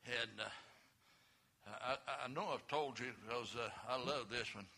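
An older man preaching a sermon in a folksy storytelling way, chuckling often, with a gravelly voice. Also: mid-range voice, unhurried, pushed and bright.

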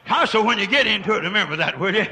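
An older preacher delivers a folksy sermon, his voice high and piercingly bright. He swings from hollered shouts down to hushed murmurs. The sound rings with the long reverb of a church hall. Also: animated, rapid-fire.

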